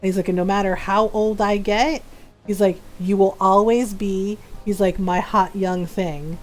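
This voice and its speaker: A woman's voice: medium pitch, fairly even intonation, measured pace, slight background noise. A woman in her forties chatting casually as a streamer while she plays, laughing often and filling her talk with "like" and "um". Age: 40s. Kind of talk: casual chat while gaming.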